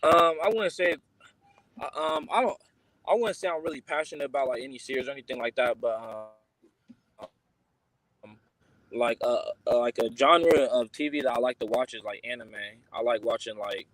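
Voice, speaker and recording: Laid-back teenage boy, halting answers. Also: medium pitch, fairly bright tone, dry recording, rough recording. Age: teens. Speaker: guest, high school football recruit. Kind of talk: casual interview answers.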